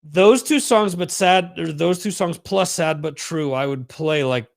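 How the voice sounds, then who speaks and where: A man's voice: on the high side, measured pace, gravelly. A man hosting a livestream, talking in a chatty, rambling, profane way. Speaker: livestream host. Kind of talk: casual livestream monologue.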